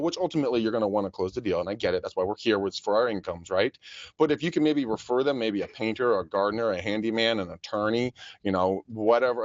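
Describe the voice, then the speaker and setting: A man of middle pitch hosts a loose coaching chat, his voice rising and falling a lot as he jokes and acts out phone calls. The sound is dry and close, with a slightly dull, lo-fi tone. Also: no room sound. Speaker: podcast host.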